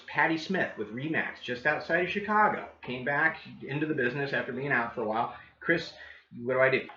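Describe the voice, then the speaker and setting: An upbeat man coaching agents, his voice bright and forward. He keeps checking in with the listeners. The sound is roomy and a little dull. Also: medium pitch. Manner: upbeat, keeps asking "right?". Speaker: real estate coach. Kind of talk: training talk with role-played doorstep scripts.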